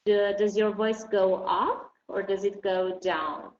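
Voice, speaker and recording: Slow, patient woman teaching English. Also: medium pitch, fairly even intonation. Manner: patient, explains slowly with many fillers. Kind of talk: online class lesson. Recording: dull roomy recording, faint noise.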